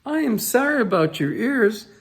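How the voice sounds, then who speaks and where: A man voicing a proud, stubborn male fish in a children's picture book, speaking slowly and emphatically. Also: very high-pitched, very animated, vocal fry, husky, pitched above the performer's own voice, full character voice. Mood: apologetic. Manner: slow, emphatic and boastful.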